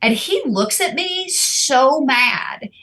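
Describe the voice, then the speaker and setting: A woman, a comedian guest telling lively stories on a podcast. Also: high-pitched, slow pace. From Indiana, raised in Kentucky. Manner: lively, laughing storyteller. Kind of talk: casual podcast storytelling.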